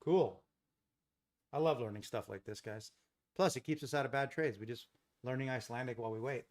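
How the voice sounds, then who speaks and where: A man's voice: mid-range voice, brisk. An American man from Los Angeles hosting a live trading stream, chatting casually, thinking aloud and answering viewers in the chat. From Los Angeles, USA.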